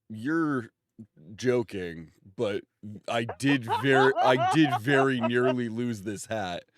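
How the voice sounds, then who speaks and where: A man co-hosting a podcast, chatting casually and teasing his co-host in a relaxed, playful way. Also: on the low side, no room sound. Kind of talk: casual chat.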